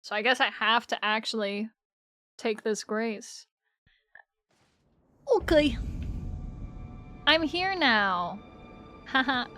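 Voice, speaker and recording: High-voiced woman streamer, slow and blunt. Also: sharp tone, no room sound, soft background music. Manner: blunt, swears freely, laughs often, talks to chat. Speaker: game streamer. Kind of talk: casual live-stream chat while gaming.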